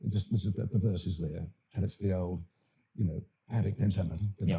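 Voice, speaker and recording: Older man, Australian accent, gravelly, dark tone, thoughtful and halting. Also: deep voice. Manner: thoughtful, halting, many fillers and restarts. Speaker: actor and director, guest. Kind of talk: podcast interview.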